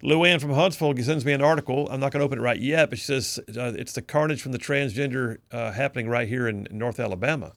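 A man's voice: mid-range voice, fast, creaky, few pauses, a bit bright, dry recording. A man hosting a talk radio show, reading out listener texts in a folksy, chatty way. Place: radio studio.

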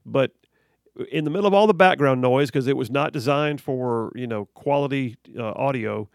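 A man's voice: medium pitch, normal speed, no room sound. A man hosting a talk radio show, arguing emphatically with rhetorical questions and frequent restarts into a studio microphone. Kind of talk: opinionated talk radio monologue.

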